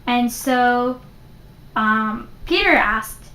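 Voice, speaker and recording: A young woman with a fairly high voice talks through a favorite childhood book in a loose, animated vlog style, filling her sentences with "like." Her voice rings a little in a roomy, echoey space. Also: very slow. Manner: chatty, many "like" fillers, animated retelling. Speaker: book reviewer. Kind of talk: casual book review vlog. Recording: roomy echo.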